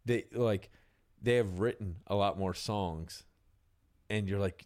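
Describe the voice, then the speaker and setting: A man's voice: fairly low pitch, slow, darkish tone. A young man hosting a casual podcast chat about music, loose and profane, often trailing off and restarting.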